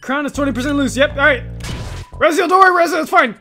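A man hosting a let's play, chatting casually and reacting excitedly to what happens in the game. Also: extremely high pitch, faint music behind. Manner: excitable, chatty, quick to exclaim. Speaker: gaming channel host.

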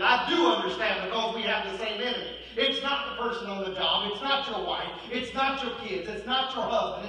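A man preaching a sermon as pastor, swinging between loud, pressing declarations and hushed, quiet storytelling. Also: sits high, brisk, few pauses, slight background noise. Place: church sanctuary. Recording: echoey church hall, mic at a distance.

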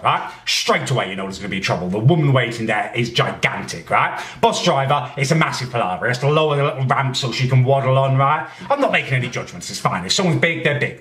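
A man's voice: medium pitch, bright, forceful tone, distant mic. A man ranting indignantly to camera in a comic monologue, swearing as he tells his story. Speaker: character comedian ranting to camera. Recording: echoey room.

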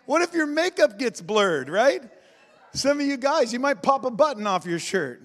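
A man preaching a revival sermon, swinging between shouting and quiet intensity and laughing often. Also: extremely high pitch, sing-song, normal speed. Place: large church sanctuary. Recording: long reverb of a big hall.

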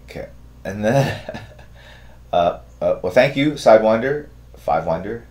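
A middle-aged man hosting a live drawing stream, giving relaxed, rambling step-by-step instructions and thanking viewers in the chat. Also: lowish voice, measured pace. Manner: relaxed, rambling instructions with fillers and chat-reader shout-outs. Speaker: artist hosting a draw-along stream.

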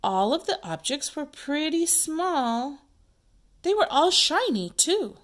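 A woman's voice: high voice, very animated, takes it slowly, a bit bright, voice pushed up, full character voice. Teacher voicing an earnest young boy. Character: helpful young boy detective, Jeff.

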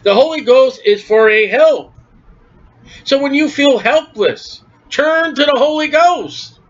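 A man preaching a forceful, emphatic sermon on scripture. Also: very high voice, expressive, slow pace. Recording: dull lo-fi recording.

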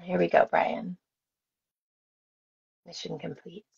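A woman's voice: fairly low pitch, monotone, takes it slowly, gravelly, a little mellow, slightly rough. A woman in her forties, an actress chatting with fans and telling stories on a live stream while signing autographs. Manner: chatty, self-deprecating, storytelling. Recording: dull lo-fi stream audio.

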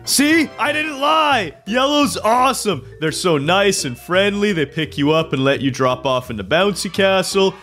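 Young male gamer, boastful banter partner, high and lively voice. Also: soft background music. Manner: cocky, boastful, quick to protest. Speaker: YouTube gamer playing as Sunny. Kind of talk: playful gaming banter.

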